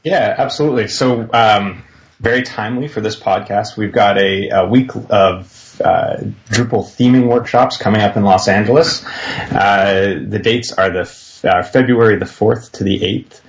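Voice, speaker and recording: A man on a casual podcast giving upbeat announcements, pausing often on fillers. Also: lowish voice, lo-fi sound. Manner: upbeat, many filler pauses. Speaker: podcast regular.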